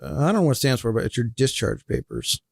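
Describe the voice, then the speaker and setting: A man's voice: mid-range voice, sing-song, fast, gravelly, a little mellow, no echo, clean studio sound. A man who is an army veteran, a podcast guest talking bluntly and casually and swearing freely. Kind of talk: casual chat. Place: podcast studio.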